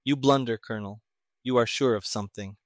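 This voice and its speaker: A man reading a story, voicing a calm male civilian investigator who speaks tonelessly and deliberately. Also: medium pitch, dry recording, natural voice. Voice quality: toneless, flat. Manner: slow, deliberate, sparing with words.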